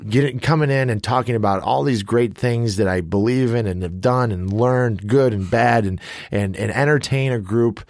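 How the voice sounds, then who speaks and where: A man's voice: mid-range voice, normal speed, darkish tone, dry recording, clean studio sound. A man in his forties from the Chicago suburbs, co-hosting a podcast in a rambling, self-mocking way. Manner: rambling, restarts often, laughs at himself. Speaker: podcast co-host. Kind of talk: casual podcast chat.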